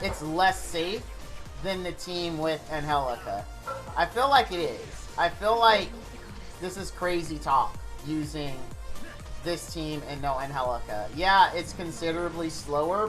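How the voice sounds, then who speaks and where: A man live-streaming a game, rambling excitably and thanking viewers in chat by name. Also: a little high. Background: faint game music.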